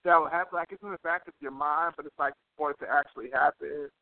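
A man co-hosting a podcast in casual chat, animated and profane, filling every pause with "like". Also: a little high, gravelly, no echo. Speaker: podcast co-host. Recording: dry, tinny phone-like sound.

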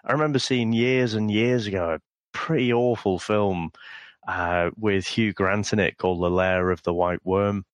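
A man from the north west of England, co-hosting a casual film review podcast and talking in an easygoing, measured way with small hesitations. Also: fairly low pitch, fairly even intonation, dry recording. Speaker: podcast co-host.

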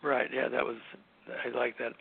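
An older man, a sitcom writer and producer, telling relaxed anecdotes in an interview, with many ums and you-knows. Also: medium pitch, moderate pace, vocal fry. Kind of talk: casual interview storytelling. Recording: phone-like narrow audio.

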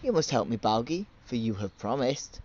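A man's voice: mid-range voice, big pitch swings, moderate pace, a little mellow, dull audio, slight background noise, close to an everyday voice. A man voicing a stern, cunning old male god who speaks in a commanding way, in a storytelling reading.

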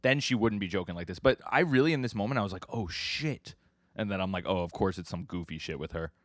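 A man's voice: deep voice, rapid-fire, no room sound, studio quality. A young man co-hosting a podcast, talking in a laid-back, casually profane way. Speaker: podcast co-host. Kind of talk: casual chat.

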